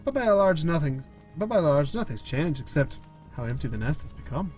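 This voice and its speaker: A man narrating a story game aloud for his channel, his slightly high voice rising and falling with lively turns. He stumbles and restarts now and then, breaking off with quick remarks of his own. Faint music plays under him. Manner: reads with stumbles, restarts and side comments. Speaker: gaming video host. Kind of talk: reading a text game aloud.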